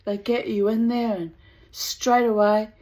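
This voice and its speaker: A man's voice: high voice, flat delivery, unhurried, a little mellow, pitched above the performer's own voice. Woman quoting a brash flirty tattooist man. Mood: matter-of-fact. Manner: blunt, crude come-ons. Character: rough male neo-Nazi tattooist, brash and flirtatious.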